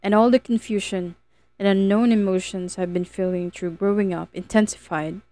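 A woman's voice: medium pitch, fairly even intonation, moderate pace, mellow, dry recording. Woman narrating a novel, earnest reading. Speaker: audiobook narrator. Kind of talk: first-person novel narration.

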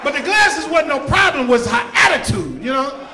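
High-pitched rowdy male stand-up comedian. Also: big pitch swings, normal speed. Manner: loud, rowdy, shouting punchlines. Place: comedy club stage. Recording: roomy club with audience noise. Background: audience laughter and crowd noise.

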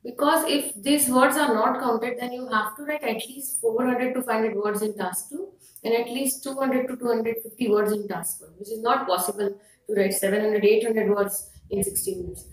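An IELTS teacher with an Indian English accent delivers a firm, instructive lesson to camera, often pausing on fillers. Her voice is a little high, and she sounds far from the mic in a room with a clear echo.

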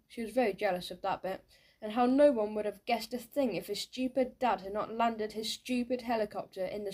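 A woman narrating a children's audiobook in a lively, playful storytelling manner. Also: mid-range voice.

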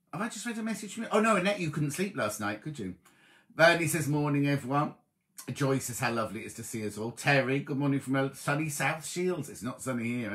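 Hosting a live online coffee morning, a man with a medium-pitched, slightly bright voice chats casually with his viewers. He reads their messages aloud and welcomes them as "my love."

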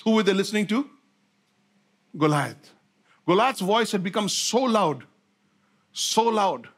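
High-voiced preaching man. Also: fairly bright tone. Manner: repetitive, rhetorical questions to the congregation. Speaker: pastor. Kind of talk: sermon.

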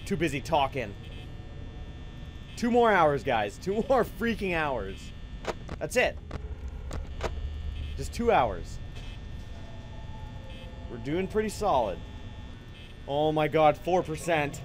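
A young man playing a horror game and commenting, excitable, swearing at it, yelping and trash-talking. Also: a little high, slow pace, long pauses, background noise. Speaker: gaming YouTuber. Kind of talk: let's play commentary. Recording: game music loud behind voice. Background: game music.

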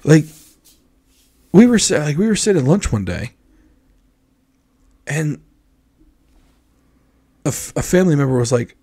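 On a podcast, an American man co-hosting a casual chat speaks somewhat slowly in a slightly rough, higher-pitched voice, leaving long pauses. He tells stories with animation, acting out other people's responses.

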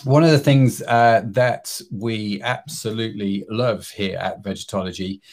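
A man's voice: lowish voice, steady tone, measured pace, darkish tone. A man hosting a company livestream, chatty and self-deprecating, with many fillers as he welcomes viewers and reads out questions. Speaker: livestream host. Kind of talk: casual livestream chat.

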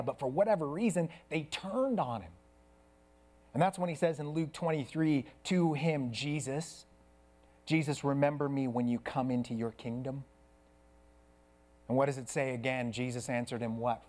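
Man, pastor, sermon, earnest, hushed then raised, slightly high voice, church. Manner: earnest preaching, swings from soft hushed to raised.

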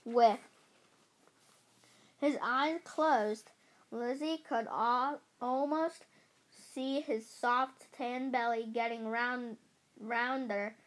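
A woman reading a children's book aloud in a halting way, often correcting herself. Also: fairly high pitch, fairly even intonation. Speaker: storybook reader.

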